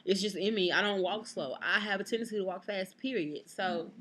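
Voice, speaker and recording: A woman's voice: mid-range voice, fast, few pauses, fairly bright tone. A young woman, ranting to camera in a casual vlog, blunt and exasperated, swearing freely. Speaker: vlogger.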